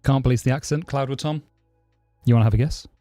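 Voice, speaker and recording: A man's voice: medium pitch, fairly quick, dry recording, faint music behind. Chatty southern English man streaming live. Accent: southern English, close to received pronunciation but less posh. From southeast London, England. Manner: chatty, answers chat questions, thanks subscribers warmly. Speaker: livestreaming programmer. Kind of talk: casual live-stream chat.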